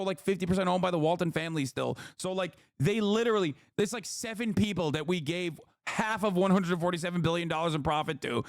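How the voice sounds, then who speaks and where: A man's voice: sits high, dry recording, clean studio sound. A man doing profane, sarcastic political commentary, reacting to clips. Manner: heated, sarcastic, swears a lot.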